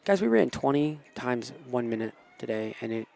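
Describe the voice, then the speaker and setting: A man doing casual, excitable play-by-play for a high school softball game, chatty and cheering the batters on. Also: normal speed, creaky, no echo. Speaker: play-by-play commentator. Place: small school TV studio booth.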